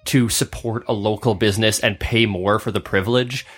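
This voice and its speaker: This co-host speaks at a normal pace with a lowish, slightly breathy voice. Chatting casually on a podcast, he tells lively stories and performs the lines of each character in them.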